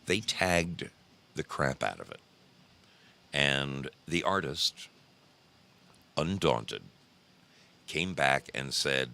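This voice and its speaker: A man with a very low, gravelly voice hosts a casual show, talking slowly while his pitch swings widely. He rants with profanity and restarts his sentences as he goes. His tone is bright and forceful. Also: expressive. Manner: heated, profane, rambling with restarts. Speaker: show host. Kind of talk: casual commentary on screen images.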